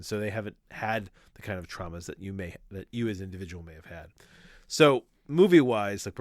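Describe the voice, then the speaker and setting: A man's voice: on the low side, no echo, studio quality. A man in his forties co-hosting a podcast in casual chat, rambling with many restarts. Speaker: podcast co-host.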